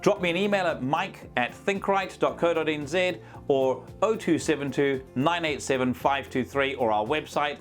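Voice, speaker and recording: A man's voice: a little high, normal speed, few pauses, faint music behind. A man, a business trainer giving a conversational coaching talk to the camera and acting out small scenes as examples. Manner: lively, conversational, acts out examples.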